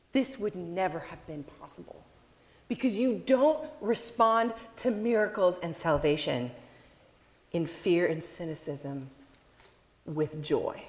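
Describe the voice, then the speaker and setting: A woman preaching a sermon, telling a story with expressive delivery and acting out the people in it. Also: medium pitch, in a large hall.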